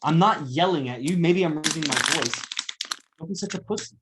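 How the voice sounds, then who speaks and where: A man's voice: a little high, animated, fairly quick, heavy background noise. A profane, berating male lecturer. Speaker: lecturer coaching students. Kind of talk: live classroom lecture.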